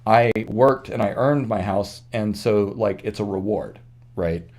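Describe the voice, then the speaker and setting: A man's voice: lowish voice, measured pace, darkish tone. A man hosting his channel, talking through his ideas in an earnest, reflective monologue, often restarting and correcting himself mid-sentence. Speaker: channel host. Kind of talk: unscripted monologue commentary.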